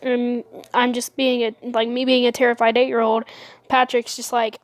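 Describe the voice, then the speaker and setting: A young woman telling a storytime vlog in a giggly, excitable way. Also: a little high, normal speed, no echo. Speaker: vlogger.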